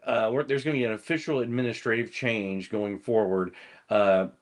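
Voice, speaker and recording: A man's voice: on the low side, fairly even intonation, normal speed. A man in casual live-stream chat, giving convention news in a matter-of-fact way with filler uhs. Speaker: convention organizer.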